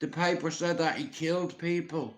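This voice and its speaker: A man's voice: fairly high pitch, steady tone, moderate pace, roomy sound. A man with a Dublin Irish accent hosting a livestream, telling rambling stories with blunt, profane language and talking straight to his viewers. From Ireland. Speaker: livestream host. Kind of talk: rambling storytelling to a live audience.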